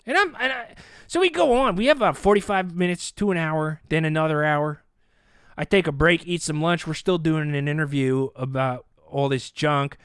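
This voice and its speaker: A man hosting a podcast, telling a comic story with animated delivery and acted-out voices. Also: fairly high pitch, moderate pace, clean tone, dry recording, clean studio sound. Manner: animated, acts out quoted voices. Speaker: podcast host. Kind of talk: comedic storytelling.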